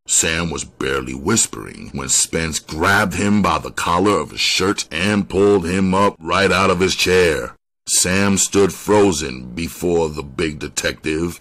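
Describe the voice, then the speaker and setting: Slow, deep-voiced husky male narrator. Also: a bit bright. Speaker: audiobook reader. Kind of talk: scripted narration.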